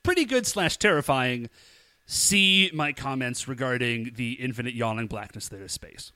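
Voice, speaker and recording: A man's voice: mid-range voice, normal speed, sharp tone, no echo, clean studio sound. A man co-hosting a podcast, casually recapping an episode, chatty and laughing, acting out lines in quotes. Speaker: podcast co-host.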